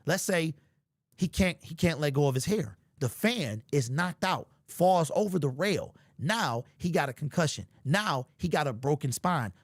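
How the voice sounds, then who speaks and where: Sports host, man, high voice with bouncy swings; jokey, over-the-top, slangy delivery. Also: a little slow, no echo, clean studio sound. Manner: animated, joking and hyperbolic, slangy. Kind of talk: casual sports commentary.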